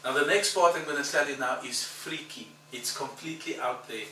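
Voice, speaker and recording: Animated pastor preaching in an echoey hall. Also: male voice, a little high, a little fast, a little hiss or hum. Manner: animated storyteller, acts out dialogue, laughs at own story. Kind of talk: storytelling sermon. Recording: echoey hall, mic at a distance, background ambience.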